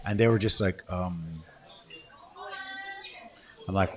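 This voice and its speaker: Upbeat Canadian man hosting a chat. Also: low voice. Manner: enthusiastic, lots of quick affirmations. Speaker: podcast host. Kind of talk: casual interview chat.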